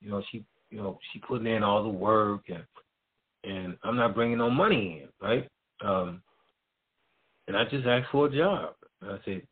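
A man's voice: fairly low pitch, a little fast, breathy edge. A middle-aged man, a music promoter, telling a story as a guest in loose, slangy casual talk. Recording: tinny phone-like line.

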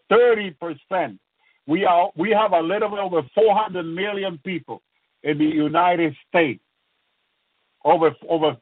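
A man delivers an impassioned sermon in a high, fervent voice, halting and repeating prayerful refrains. The sound is tinny and narrow, like a phone line, with a dry, close feel. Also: no echo. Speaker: preacher.

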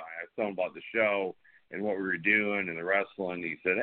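Over a tinny, phone-like line, a middle-aged man hosts a wrestling show in casual chat. His voice is deep and brisk with fairly even intonation, and he carries a promo-style swagger, calling people brother.

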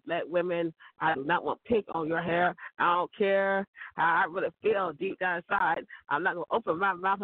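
Hoarse woman rambling on a tinny line. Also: lowish voice, slight background noise. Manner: rambling, chuckles often, repeats words. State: hoarse from a cold. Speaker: vlogger. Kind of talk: casual rambling monologue. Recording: tinny phone-like dry recording.

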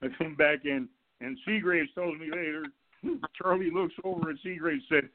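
A man, a former football coach, calling in to a radio show and telling lively stories about his old players and staff. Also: a little high, moderate pace. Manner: animated storyteller, acts out quotes, laughs along. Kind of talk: telling anecdotes on a call-in show. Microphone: telephone. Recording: tinny phone line.

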